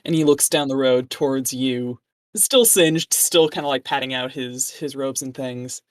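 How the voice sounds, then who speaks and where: Woman game master, relaxed narration, close dry mic. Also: a bass voice, unhurried, no echo. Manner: relaxed, loose narration with fillers.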